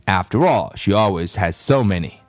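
A man's voice: low voice, animated, normal speed, no room sound, clean studio sound. A man voicing a friendly, simple-minded yard teacher, in a naive and cheerful manner.

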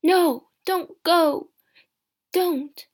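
A woman voicing a frightened old husband who shouts urgent warnings. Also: very high-pitched, drawn-out words, pitched above the performer's own voice, heavily acted. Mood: urgent, afraid.

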